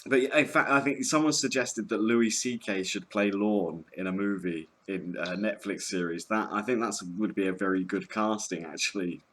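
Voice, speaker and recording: A man chatting as a guest, hesitant and halting, with crude jokes. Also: lowish voice, fairly bright tone. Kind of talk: casual podcast chat.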